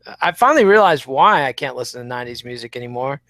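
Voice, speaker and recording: A man's voice: mid-range voice, animated, quick pace, a bit bright, no room sound. A middle-aged man from the Texas Panhandle with a Midwestern accent, co-hosting a podcast in dry, wry, opinionated casual chat. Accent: Midwestern American, Texas Panhandle. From Texas Panhandle, USA. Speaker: podcast co-host.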